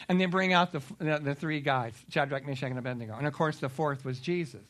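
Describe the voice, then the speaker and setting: A man delivers a sermon in a high-pitched voice. His tone is bright and forceful as he retells scripture. He tells the stories in an animated way and gives the figures voices. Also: fairly quick, few pauses. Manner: animated storytelling with acted-out quotes. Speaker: preacher.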